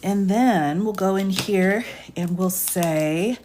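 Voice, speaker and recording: A woman's voice: medium pitch, slow pace, a little mellow, slight background noise. A woman attorney reading a court filing aloud on a live stream. She stops again and again to sigh, reread lines and ask "what?" in disbelief. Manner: incredulous, interrupts her reading with sighs and "what?"; breaks long sentences apart and rereads them aloud.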